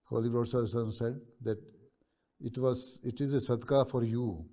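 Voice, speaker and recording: A man as a religious leader answering students' questions over a video call, speaking in a measured, pausing way and often checking in with "right?". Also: mid-range voice, steady tone, warm tone.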